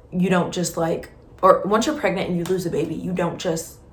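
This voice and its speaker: A woman with a somewhat low, conversational voice recounts a personal story as a podcast host. She speaks expressively and candidly, full of likes and ums. The room adds noticeable echo, with a faint hum of background noise. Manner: expressive, conversational, lots of fillers. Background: faint ambient noise, passing truck.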